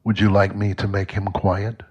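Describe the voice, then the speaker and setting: A huge flaming angel speaks calmly and without hurry, as a man reads him. The voice sits low and even, patient but unmoving. It fits a storybook reading. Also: slightly rough, muffled recording. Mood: firm. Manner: steady, measured questions.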